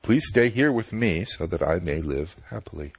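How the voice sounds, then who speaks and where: A man voicing an eager, clueless old sage who pleads with a young woman, in a husky tone. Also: low voice, expressive, moderate pace, no echo, full character voice. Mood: pleading.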